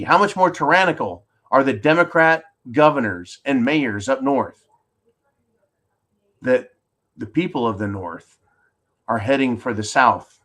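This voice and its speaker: A man's voice: medium pitch, a bit bright. A man from California hosting a political commentary stream, combative and sarcastic as he rants and answers viewer comments. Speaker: channel host reading viewer comments.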